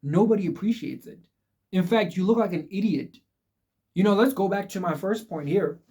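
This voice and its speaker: Young guy ranting advice at the camera, kinda high voice but warm, keeps saying guys. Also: normal speed, husky. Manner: emphatic, repetitive, addresses viewers as guys. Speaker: vlogger giving life advice. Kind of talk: casual direct-to-camera advice talk.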